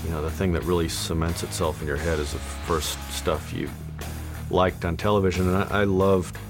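A man in a documentary interview talking in a relaxed, halting way. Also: deep voice. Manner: relaxed, halting, restarting sentences. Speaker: cartoon creator interviewee. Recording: interview over music bed.

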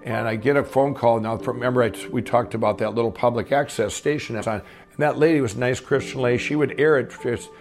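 A man's voice: medium pitch, steady tone, brisk, soft background music. A middle-aged man casually telling his own life story, rambling, with many restarts and fillers.

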